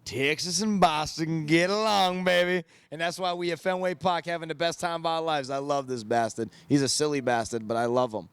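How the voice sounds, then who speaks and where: A man's voice: fairly high pitch, steady tone, a little fast, hardly any pauses, clean tone, no room sound, studio quality. A man in a bar speaking in a dramatic, preachy way. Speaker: reality show contestant. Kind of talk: casual interview.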